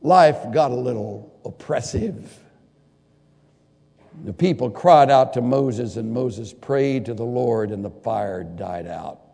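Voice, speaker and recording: An older man preaches a sermon with a gravelly edge to his voice. He shifts between animated outbursts and hushed, earnest passages. A long reverb hangs on his words in a large hall. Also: mid-range voice, slow. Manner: expressive preaching, loud bursts, quiet earnest asides.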